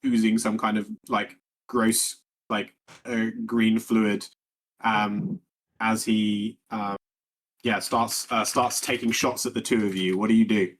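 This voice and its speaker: A man's voice: fairly low pitch, little pitch movement, slow pace. A man narrating a tabletop game as game master, rambling along with many fillers and restarts.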